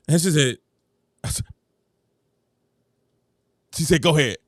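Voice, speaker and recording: A man hosting a sports talk show, excitable and repetitive, calling out to his viewers. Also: a little high, a little slow, no room sound, clean studio sound. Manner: excitable, repeats himself, addresses viewers as "citizens". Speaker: sports commentary show host. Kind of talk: animated sports opinion talk.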